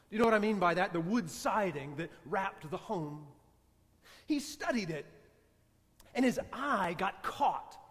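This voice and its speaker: A man, a priest, preaching a sermon and telling a story in a soft, measured way with long pauses. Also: high-pitched, big-room sound.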